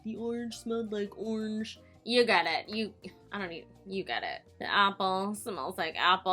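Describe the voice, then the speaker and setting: A woman's voice: medium pitch, sharp tone. A young woman reviewing makeup in a vlog, chatty, giggly and self-mocking, tired from filming late at night. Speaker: beauty vlogger.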